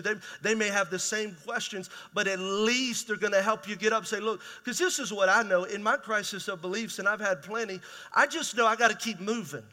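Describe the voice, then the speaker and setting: A man's voice: high-pitched, pushed and bright. A man preaching a conversational, emphatic sermon as pastor in a large church hall.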